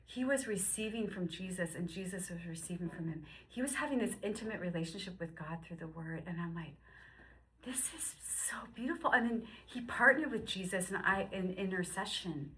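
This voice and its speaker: A woman in her fifties telling her personal faith story, moving between hushed, whispered passages and excited, high-pitched bursts. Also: brisk, few pauses, poor audio. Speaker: guest sharing testimony. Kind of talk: emotional personal testimony.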